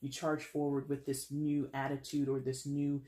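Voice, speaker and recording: A woman's voice: extremely low pitch, monotone, dark tone. A woman giving a casual tarot reading, talking in a chatty, rambling way with playful asides and lots of filler words. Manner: chatty and rambling, full of "you know" and "like"; playful asides and quick laughs. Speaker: tarot reader.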